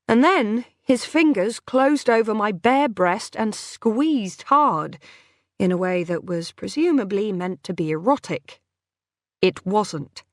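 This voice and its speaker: A woman narrating a first-person thriller audiobook in a measured, unhurried way. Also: medium pitch, no echo, clean studio sound.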